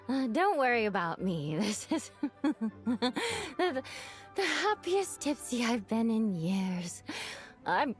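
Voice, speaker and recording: Game role, proud young noblewoman knight, tipsy and giggly; high, lively, slow. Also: faint music behind. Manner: giggly, drawn-out tipsy delivery. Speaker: game character. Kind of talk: video game voice acting.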